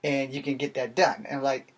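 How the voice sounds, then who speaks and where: A man from Virginia rants to his viewers in a loose, rambling monologue. He is blunt and swears freely, and his voice sits at an ordinary middle pitch for a man. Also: little pitch movement, brisk. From Virginia, USA. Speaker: vlogger. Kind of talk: casual ranting monologue.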